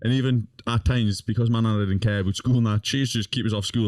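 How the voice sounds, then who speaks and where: A man's voice: on the low side, fairly even intonation, fast, darkish tone, no echo, clean studio sound. A young man, a podcast guest, telling a funny story in casual talk, swearing often and laughing as he goes. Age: young adult.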